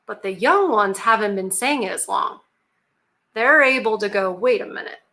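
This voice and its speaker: A woman's voice: mid-range voice, lively intonation, normal speed, pushed and bright. Blunt, sarcastic woman reacting to clips. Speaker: reaction video host. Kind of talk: casual commentary reacting to clips.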